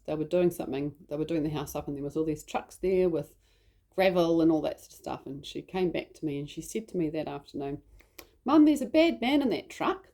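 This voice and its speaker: Woman, 30s, casual rambling storyteller, warm and low-pitched. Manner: rambling, many fillers and side stories. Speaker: mother telling a personal story.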